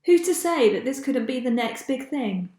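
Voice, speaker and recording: A woman's voice: high-pitched, animated, moderate pace, mellow. A young woman hosting a podcast in a chatty, casual way, laughing often. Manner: chatty, laughs often, loses track of names. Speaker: podcast host. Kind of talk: casual chat. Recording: echoey room.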